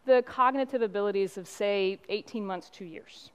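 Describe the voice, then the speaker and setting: A middle-aged woman pastor giving a sermon, telling stories and driving points home with emphatic pauses. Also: medium pitch, clean tone. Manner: impassioned preaching with storytelling and emphatic pauses.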